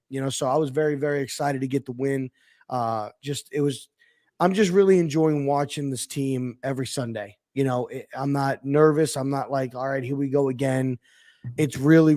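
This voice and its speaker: A man co-hosting a casual sports chat, telling a story in a relaxed way with lots of fillers. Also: mid-range voice, no room sound, clean studio sound. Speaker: podcast co-host.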